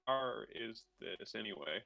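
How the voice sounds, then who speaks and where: A man's voice: fairly low pitch, lively intonation, unhurried, creaky, pushed and bright, lo-fi sound, soft background music. A man playing a tabletop game, speaking hesitantly with many fillers. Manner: hesitant, lots of "like". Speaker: player. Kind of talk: casual chat.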